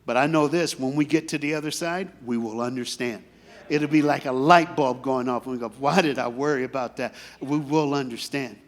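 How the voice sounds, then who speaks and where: A man preaching a sermon in a storytelling way, dropping to quiet asides and then rising to loud, shouted preaching. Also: medium pitch, fairly even intonation, brisk. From grew up in foster care. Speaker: guest preacher.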